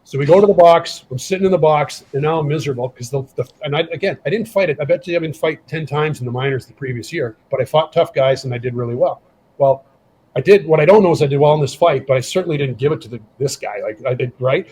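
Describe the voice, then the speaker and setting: A man's voice: a little high, fast, breathy edge, rough recording. A middle-aged man, a former hockey player, telling a story on a podcast and acting out the quoted dialogue. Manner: animated, acts out quoted dialogue. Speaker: podcast guest, former pro hockey enforcer. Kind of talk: casual storytelling.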